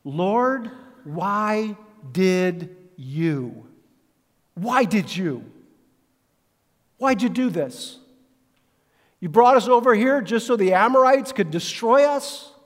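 A man's voice: high-pitched, lively intonation, slow pace, long pauses, long reverb tail, pitched above the performer's own voice. A man voicing an anguished male biblical leader who complains to God, pleading and indignant. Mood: pleading complaint.

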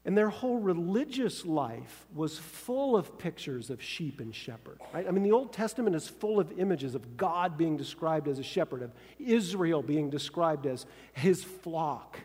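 A man's voice: on the high side, lively intonation, normal speed, few pauses, darkish tone, breathy edge, big-room sound. A man preaching a conversational sermon, often checking in with his listeners by asking "right?". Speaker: pastor.

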